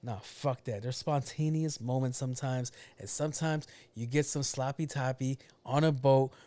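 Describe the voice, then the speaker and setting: A man's voice: mid-range voice, steady tone, normal speed, dark tone. A man hosting a casual solo podcast, ranting bluntly with a lot of swearing and grumbling to himself about his own mistakes. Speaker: podcast host.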